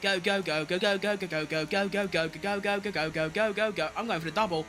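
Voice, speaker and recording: A young man giving excitable live commentary on his own racing game, talking to himself and chanting while he drives. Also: sits high, brisk, hardly any pauses, faint music behind. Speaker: gaming streamer.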